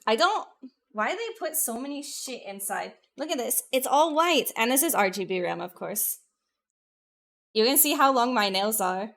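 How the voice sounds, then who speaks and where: With a slightly high voice, vocal fry and a normal speed, this woman VTuber hangs out with her live audience. She's excitable and foul-mouthed, lurching from loud outbursts to mumbled asides.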